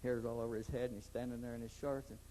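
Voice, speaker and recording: Racing through his story in a flat, mellow mid-range voice, the interviewee rambles at length about past experiences and tends to repeat words as he begins sentences. The audio is poor, with a little hiss or hum.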